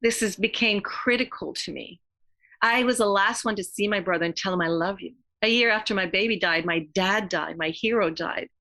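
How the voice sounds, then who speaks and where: A middle-aged woman, a yoga therapist talking as a podcast guest in an earnest, heartfelt way, often pausing and restarting her sentences. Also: medium pitch, pushed and bright. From Quebec, Canada. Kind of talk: reflective podcast interview talk.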